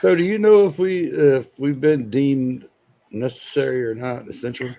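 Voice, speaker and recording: Male caller, mellow and gravelly, easygoing, on a dull line. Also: medium pitch, moderate pace. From Michigan. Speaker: call-in guest. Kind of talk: casual chat. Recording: muffled call audio.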